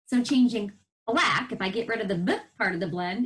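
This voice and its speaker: A woman teacher with a voice on the high side gives a televised reading lesson to first graders, captured on a rough recording. Slow, lively, and patient, she encourages the children as she guides them through the sounds in words.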